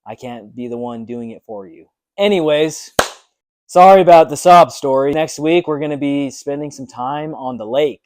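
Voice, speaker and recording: A man's voice: medium pitch, darkish tone, no room sound, clean studio sound. A young man talking earnestly in a personal fitness vlog, motivational and full of ums. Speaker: fitness vlogger.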